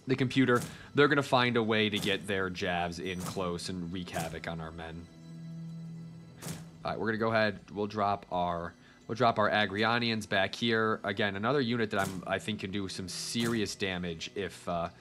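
A man's voice: sits low, a bit bright. A man giving casual gameplay commentary as a video host, chatting straight to his viewers.

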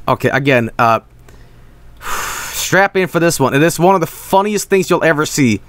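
Animated high-voiced male streamer. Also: moderate pace, clean tone, dry recording. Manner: excitable, profane, animated storytelling. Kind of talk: live stream reaction commentary.

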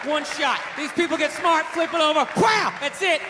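Man doing a loud, high Southern redneck gun nut; echoing hall, noisy crowd. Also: moderate pace. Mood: boasting. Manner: shouting, drawling, trailing off. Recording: live stand-up, roomy hall, loud crowd.

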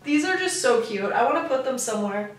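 A woman's voice: fairly high pitch, lively intonation, brisk, noisy background. A young woman vlogging from her room at home, chatting casually and swearing now and then, recorded on the camera's own mic. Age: young adult. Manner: casual, swearing, lots of "like" and "literally". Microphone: camera mic, no external mic. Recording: roomy, distant camera audio.

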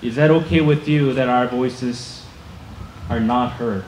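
A man speaking at an outdoor rally, slowly putting rhetorical questions to the crowd before introducing the next speaker. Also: medium pitch, a little mellow. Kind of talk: impassioned rally speech. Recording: echoey outdoor PA sound with traffic noise.

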